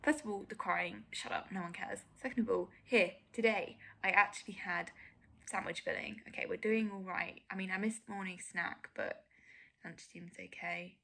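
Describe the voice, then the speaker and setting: A woman's voice: medium pitch, fairly even intonation, moderate pace, vocal fry, fairly bright tone. A young woman giving candid, self-critical reaction commentary as a vlogger, often dropping to a near whisper.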